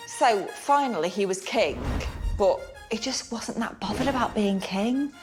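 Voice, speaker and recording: A woman's voice: medium pitch, lively intonation, a little slow, soft background music. A woman telling history drunk, rambling, giggly and sweary. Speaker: drunk storyteller. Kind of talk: tipsy comic history retelling.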